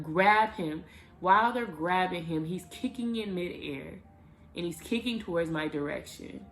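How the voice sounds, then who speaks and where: A woman vlogger telling a personal story to the camera in a casual, animated way, with emphatic bursts. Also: fairly low pitch, unhurried, faint music behind.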